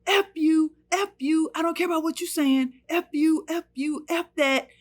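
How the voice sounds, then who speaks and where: A woman voicing her angry husband, an adult man who yells and curses at her. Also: on the high side, fairly even intonation, normal speed, close to an everyday voice. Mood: yelling. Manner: yelling, cursing.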